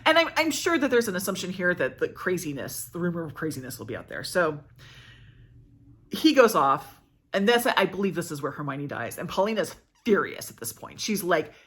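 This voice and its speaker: Husky-voiced chatty woman. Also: on the low side, very animated, a little fast, a bit bright. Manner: chatty, self-correcting. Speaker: book vlogger. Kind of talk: casual plot summary.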